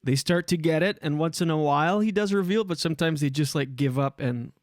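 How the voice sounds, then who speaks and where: Animated male podcast host, dry close mic. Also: a little high, fairly quick, dry recording. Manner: animated storyteller, swearing freely. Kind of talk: casual podcast chat.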